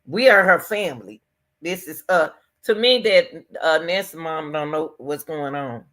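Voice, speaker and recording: A woman's voice: deep voice, measured pace, a bit bright. A woman hosting her own commentary stream, talking casually and emphatically to her viewers and repeating her points. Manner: emphatic, repeats phrases, talks straight to viewers. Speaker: commentary channel host. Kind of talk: casual commentary on a news case.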